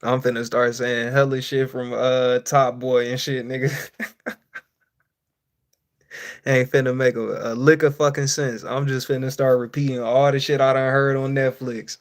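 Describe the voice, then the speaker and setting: Male streamer host, mid-pitched, loose and profane, quick laughs, loud-to-mumbled delivery. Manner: profane, joking, laughs often, animated swings in loudness. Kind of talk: casual live-stream Q&A.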